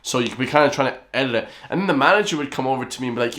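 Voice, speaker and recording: A man's voice: medium pitch, lively intonation, rapid-fire, hardly any pauses, a bit bright. A young Irish man hosting a reaction video, telling rambling stories in casual slang. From Ireland. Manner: chatty, rambling storytelling with slang.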